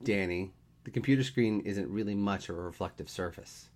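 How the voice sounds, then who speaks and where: A man's voice: fairly low pitch, fairly quick, a little mellow, lightly acted. A man voicing a dry, patient, teasing friend in a read-aloud story.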